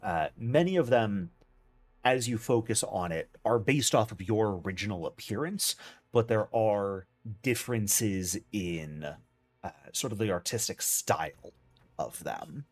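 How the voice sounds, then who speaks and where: A man narrating a tabletop role-playing game as game master in a relaxed, halting way, with many fillers. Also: lowish voice.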